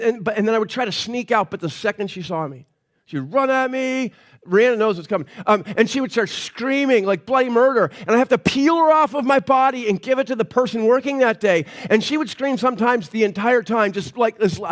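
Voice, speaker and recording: Man, pastor, high voice, sermon, conversational storytelling, many restarts, church.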